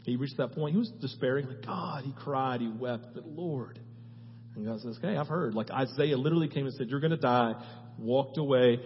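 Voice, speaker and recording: A male pastor preaching a sermon and then praying, moving between loud, urgent exhortation and hushed, earnest prayer. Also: medium pitch, fairly quick, slight background noise. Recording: muffled sound in a reverberant hall with faint music.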